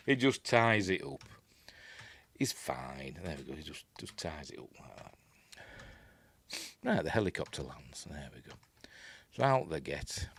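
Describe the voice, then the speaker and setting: A Yorkshire man talks through a film in a relaxed, meandering way, pausing often to search for words and wander off on tangents. His voice sits on the low side and comes across close and dry, with no room sound around it. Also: no echo. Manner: rambling, hesitant, full of asides. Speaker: film reviewer. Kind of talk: casual film commentary over playback.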